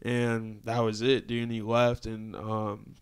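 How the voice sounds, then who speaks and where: Young man, podcast host, casual storytelling, smooth clear voice, laid-back, swears a lot, says dude constantly. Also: on the low side, level tone, slow.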